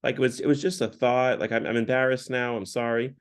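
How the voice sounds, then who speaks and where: A man's voice: mid-range voice, fairly even intonation, brisk, clear, resonant tone, natural voice. A man voicing a frightened, pleading man who makes anxious excuses, in a sermon retelling. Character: frightened, pleading man clinging to his vice.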